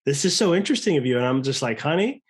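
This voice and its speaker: A man in his thirties, a chiropractor guest on a chat podcast, talking in an earnest, rambling way. His voice sits a little high for a man, and he keeps restarting sentences and quoting his own thoughts. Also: sing-song, rapid-fire, husky. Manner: rambling, earnest, many restarts and quoted self-talk. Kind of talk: casual podcast conversation.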